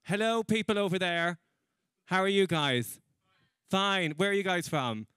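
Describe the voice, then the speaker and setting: A man doing stand-up comedy before a live audience, chatting with the crowd in a self-mocking, quick way. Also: sits high, pushed and bright, smooth, no room sound, clean studio sound. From Ireland.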